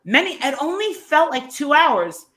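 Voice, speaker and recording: A woman on a live stream speaks with a high, bright voice. She rants bluntly and swears freely in heated casual chat. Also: big pitch swings, moderate pace. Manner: blunt, profane, ranting.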